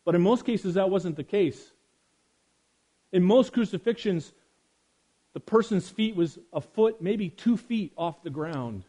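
A man preaching a sermon, swinging from loud emphasis to hushed quiet and speaking straight to his listeners. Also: sits high, lively intonation, a little slow, pauses often. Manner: addresses listeners directly.

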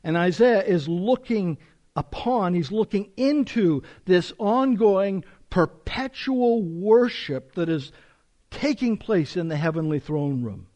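Guy preaching a sermon, slow and mellow, leans hard on the scripture he reads. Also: sits high, expressive. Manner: expository preaching, reading scripture aloud with emphasis. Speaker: pastor.

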